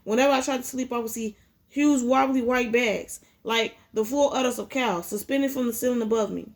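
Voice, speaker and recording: A woman's voice: on the high side, normal speed, vocal fry. Woman reading aloud with frequent restarts. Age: adult with a child. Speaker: audiobook reader.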